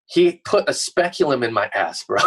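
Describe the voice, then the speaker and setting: A man's voice: medium pitch, moderate pace, poor audio. A middle-aged man, a guest on a podcast, telling a story casually with plenty of swearing. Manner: profane, animated storytelling.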